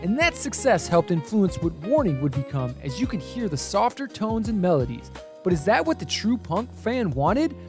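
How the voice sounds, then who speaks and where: A man narrates a scripted music history in a high, bright-edged voice that swings up and down with energy. Soft lofi music plays underneath. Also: very animated, normal speed. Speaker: video essay narrator.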